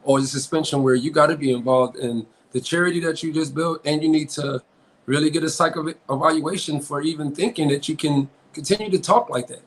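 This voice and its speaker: A man's voice: on the high side, rough recording. Emphatic preachy man. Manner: emphatic, preachy, rising to near shouting when riled. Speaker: podcast co-host. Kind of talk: heated casual debate.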